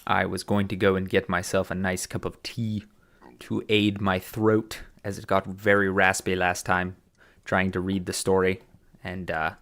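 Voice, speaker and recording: Male streamer with a low, gravelly voice, unhurried and halting, dry wit in a casual chat. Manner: hesitant, many fillers, dry formal humor. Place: home room.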